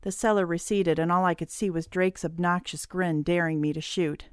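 A woman reading a first-person audiobook story in a steady, clear storytelling manner. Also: fairly low pitch, unhurried, no echo, studio quality. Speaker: audiobook narrator.

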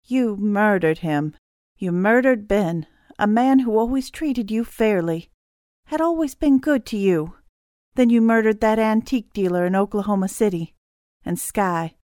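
A woman reading an audiobook voices a stern mother who speaks calmly and deliberately. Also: lowish voice, no room sound, clean studio sound, lightly acted. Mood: accusing. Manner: calm, slow and deliberate. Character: stern mother facing a killer, calm.

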